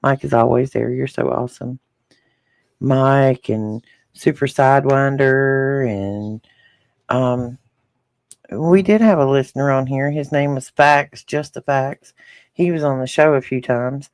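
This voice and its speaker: A man's voice: medium pitch, measured pace, no room sound, studio quality. A man with a rural Southern American accent, a podcast co-host chatting casually with live viewers and reading their comments aloud.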